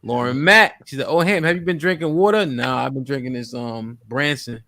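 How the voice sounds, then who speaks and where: A man's voice: mid-range voice, sharp tone, no room sound, clean studio sound. Man host reading super chats aloud. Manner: reads donor messages quickly, asks guests direct questions. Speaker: livestream host. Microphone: studio microphone.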